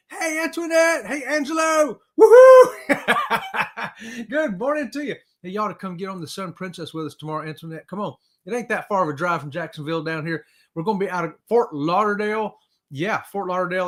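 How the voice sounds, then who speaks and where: A man chats on his livestream at home, greeting viewers one after another. His voice sits high and swings widely in pitch, with frequent whoops and easy laughter. He sounds excitable and drawls casually. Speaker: livestream host.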